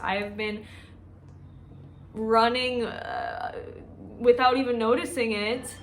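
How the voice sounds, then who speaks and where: A woman's voice: a little high, steady tone, slow, long pauses, a little hiss or hum. A woman who works as a dietitian, talking candidly and emotionally in a chatty personal vlog.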